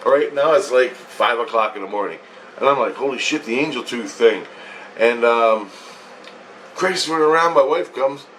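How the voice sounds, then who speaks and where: A man's voice: mid-range voice, moderate pace, a bit bright, distant mic, slight background noise, poor audio. A man telling a long dream story in a meandering, profane way, repeating himself as he goes. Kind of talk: rambling first-person dream account.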